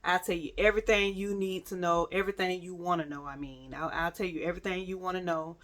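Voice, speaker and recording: A remorseful young man begs quietly and earnestly, low and subdued, as a woman retells his words. The voice stays close to an everyday speaking voice, soft and pleading. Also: fairly even intonation, fast talker, natural voice.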